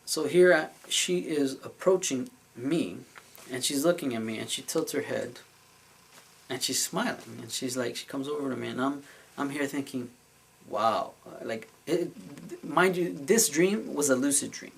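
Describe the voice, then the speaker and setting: A man's voice: mid-range voice, measured pace, vocal fry, slightly rough, rough recording. A man telling a dream story in a casual vlog, earnest and emotional, rambling with many fillers and restarts. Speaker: vlogger recounting a dream.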